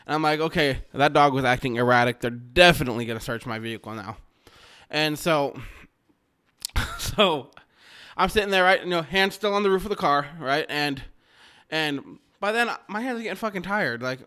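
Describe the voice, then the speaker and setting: A man with a bright, tense, crisp voice, pitched a little high, tells a rambling story from his own life. He swears freely, pokes fun at himself and grows loud and excited as he goes. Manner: rambling, profane, self-mocking, gets loud and excited. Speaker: vlogger telling a personal story. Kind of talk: casual storytelling.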